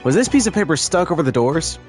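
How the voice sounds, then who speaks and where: A man's voice: fairly high pitch, sing-song, quick pace, darkish tone. A man reading game dialogue aloud as an earnest, flustered young male defendant, in a pleading, emphatic manner. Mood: reasoning. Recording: faint music behind.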